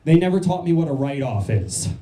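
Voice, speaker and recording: A man's voice: on the high side, sing-song, a little fast, dark tone, echoey room. A man from New Jersey doing a stand-up set in a comedy club, crude and self-mocking, riffing with the crowd.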